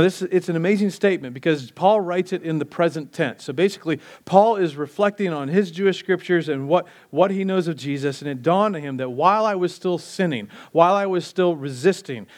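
Preaching conversationally, a male pastor peppers his sermon with rhetorical questions, letting his voice sink low and slow on the key phrases.

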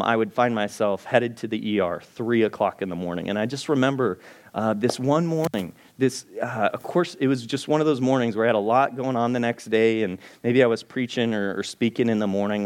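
A man's voice: on the low side, normal speed. A man preaching to his congregation in an earnest, storytelling way, acting out his own prayers and often restarting his sentences. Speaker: pastor. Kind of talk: sermon. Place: church sanctuary before a congregation.

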